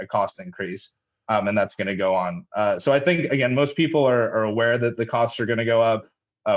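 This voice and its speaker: A man running a logistics company, answering radio interview questions in a halting way with many restarts. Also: medium pitch. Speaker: logistics company head, guest. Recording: dull lo-fi line.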